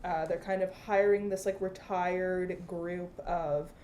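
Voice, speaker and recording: A woman's voice: fairly low pitch, fairly even intonation, takes it slowly, dark tone, slight background noise. A woman co-hosting a tabletop gaming podcast, chatting casually and encouraging her friend. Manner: encouraging, supportive backchannel. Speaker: podcast co-host. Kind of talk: casual chat.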